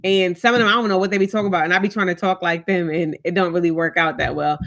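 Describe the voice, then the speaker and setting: A woman's voice: on the low side, fairly even intonation, fast talker, fairly bright tone. A woman in her thirties hosting a casual live stream, chatting with viewers, greeting them by name and laughing often. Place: home, in front of lights.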